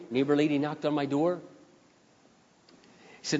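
Male pastor, slightly high voice, preaching with emphatic repeats; dull recording with long hall echo. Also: moderate pace, pauses often. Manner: emphatic repetition, swelling louder on key phrases. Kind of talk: sermon.

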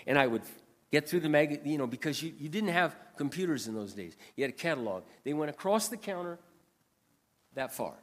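A man preaching a sermon in a storytelling way, animated and swinging between loud passages and quiet asides. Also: a little high, fairly quick, big-room sound. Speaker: pastor.

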